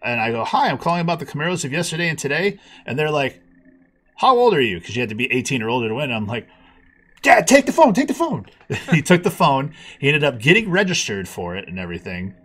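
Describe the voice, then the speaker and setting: A man telling a long personal story on a podcast call, acting out the people he quotes with big jumps in his voice. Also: fast. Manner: animated, acts out quotes with big pitch jumps. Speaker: podcast guest. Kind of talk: casual storytelling.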